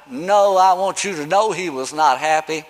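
A man preaching a sermon, impassioned, swinging between shouts and hushed pleading. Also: high-pitched, normal speed. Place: church sanctuary. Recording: long hall reverb.

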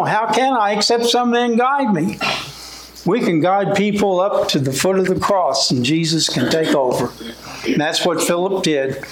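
A man preaching a sermon in a folksy, conversational way. He speaks slowly and deliberately, and his high voice climbs whenever he quotes scripture. The room around him rings with echo.

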